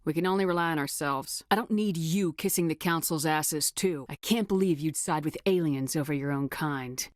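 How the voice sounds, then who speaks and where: A woman's voice: low-pitched, normal speed, few pauses, no room sound, clean studio sound, natural voice. Shepard, a woman playing a blunt starship commander. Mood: challenging. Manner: blunt, clipped military talk. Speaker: commanding officer. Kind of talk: video game voice acting.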